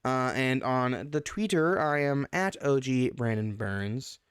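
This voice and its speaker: A man's voice: medium pitch, slow pace, smooth, no room sound. A man co-hosting a podcast, easygoing and hesitant with many fillers, reading out mock headlines. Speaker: podcast co-host.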